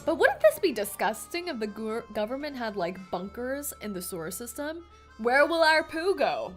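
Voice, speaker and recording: A woman's voice: fairly high pitch, normal speed, faint music behind. A young woman streaming a story game, reading its text aloud and reacting playfully with frequent laughs and gasps. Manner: excitable and playful, laughs often, gasps and jokes between read lines.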